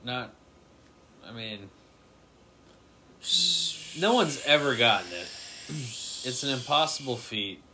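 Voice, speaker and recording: A man's voice: medium pitch, very animated, takes it slowly, pauses often, background noise. A young man co-hosting a sports podcast, teasing the others in casual banter. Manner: teasing, drops playful hints. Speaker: podcast co-host.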